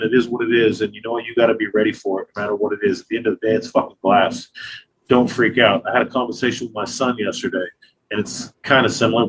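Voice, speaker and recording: A man's voice: fairly low pitch, slightly rough, rough recording. A man in his thirties, a glass artist, talking casually and profanely in an interview, telling stories with lots of filler phrases. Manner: profane, loose, storytelling with acted quotes.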